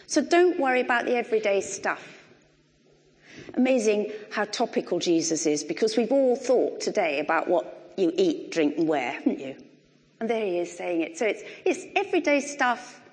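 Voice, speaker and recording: A middle-aged woman preaching a sermon in a conversational, animated way with wry humour, recorded in a church. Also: medium pitch, moderate pace. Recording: long reverb of a large hall.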